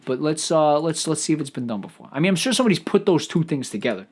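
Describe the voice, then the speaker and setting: A man hosting a solo comedic podcast, riffing out loud in a profane, stammering ramble. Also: a little high, sing-song, quick pace, slightly rough. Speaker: podcast host.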